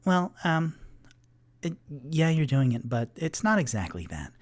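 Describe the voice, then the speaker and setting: Man playing a shapeshifting doppelganger lady, calm and a bit slippery, talking low and hushed and dry, like she's correcting everyone. slow and unhurried. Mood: deadpan. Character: tall female doppelganger, calm and evasive.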